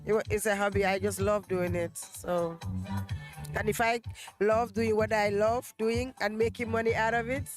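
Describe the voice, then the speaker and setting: Woman interviewee, hoarse from two days outdoors, chatty and laughing, music loud behind her. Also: mid-range voice, steady tone, normal speed. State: losing her voice. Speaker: interviewee, event decorator and shop owner. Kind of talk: casual interview mixing Wolof and English. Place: outdoor gala event.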